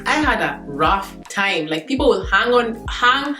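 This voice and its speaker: A woman's voice: medium pitch, very animated, a little slow. A woman from Kenya with a Kenyan accent, chatting casually to camera as a vlogger, repeating her points and laughing easily. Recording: roomy sound with faint guitar music.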